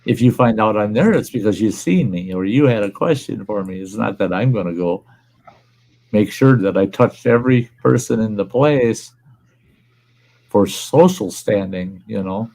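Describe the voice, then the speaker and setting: Gravelly older man, blunt. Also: fairly low pitch, expressive, normal speed, darkish tone, low-quality recording. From Upper Midwest US. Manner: blunt, plainspoken, swears freely. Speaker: livestream host. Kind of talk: casual chat.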